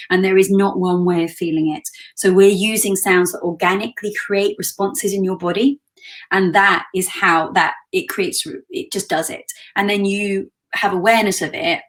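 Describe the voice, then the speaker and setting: A woman vocal coach leading a live online singing warm-up in a relaxed, conversational way, breaking off to sing demonstration slides. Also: mid-range voice. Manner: demonstrates exercises by singing slides between instructions.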